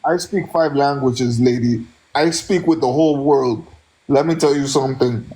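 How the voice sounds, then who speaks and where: A man chatting excitedly on a phone live stream, swearing often and laughing a lot. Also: mid-range voice, normal speed. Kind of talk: casual live-stream chat.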